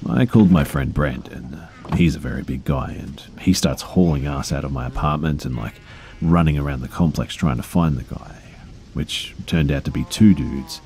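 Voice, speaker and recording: Very deep-voiced man telling creepy stories. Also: normal speed, creaky, mellow, slight background noise. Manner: low-key, conversational storytelling with fillers and profanity. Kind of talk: scripted narration of creepy true stories.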